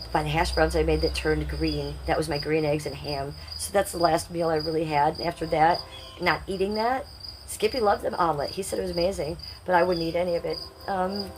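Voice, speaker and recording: Lower-voiced woman chatting on a livestream. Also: steady tone, normal speed, noisy background. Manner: rambling, confiding, talks straight to viewers. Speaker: livestream host. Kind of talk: casual livestream chat.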